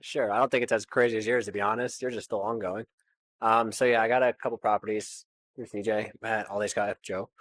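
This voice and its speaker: A man low-voiced, rapid, rambling landlord anecdote, dry close sound. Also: steady tone, fairly bright tone, no room sound. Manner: rambling, many fillers, laughs nervously. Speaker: landlord guest. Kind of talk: casual storytelling.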